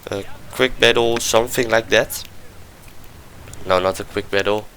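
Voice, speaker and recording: A man's voice: lowish voice, fairly even intonation, a little slow, bright, forceful tone, poor audio. Hesitant man rambling through a game review. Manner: hesitant, rambling, many restarts and searching for words. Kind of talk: casual gameplay commentary voice-over.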